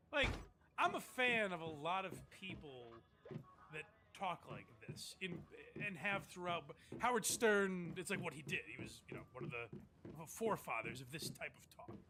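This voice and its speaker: Animated high-voiced male streamer. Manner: animated, rambling, profane. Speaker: streamer host. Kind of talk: casual commentary on clips.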